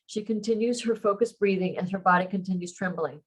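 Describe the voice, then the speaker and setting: A woman author reading her own romance novel aloud in steady, unhurried narration. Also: medium pitch, breathy edge, rough recording.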